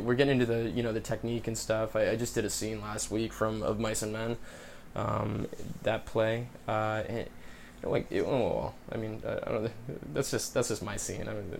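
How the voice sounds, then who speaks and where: A man's voice: on the low side, creaky, slight background noise. A man co-hosting a podcast in casual chat, talking in a rambling way about his acting classes and writing. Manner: rambling, many restarts and fillers. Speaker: podcast co-host and acting student.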